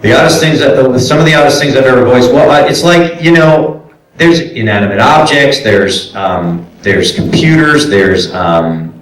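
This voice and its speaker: A man and voice actor giving a convention panel talk, animated and acting out quoted directors and clients. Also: mid-range voice, moderate pace. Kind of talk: casual panel talk with audience questions. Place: convention hall. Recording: echoey hall, voice picked up from far off.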